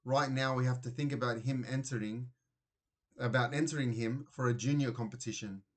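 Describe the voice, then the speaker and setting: A man's voice: medium pitch, fairly even intonation, normal speed, close to an everyday voice. A man voicing a weary, grumpy father who works as a security guard, in a children's storybook reading. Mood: blustering.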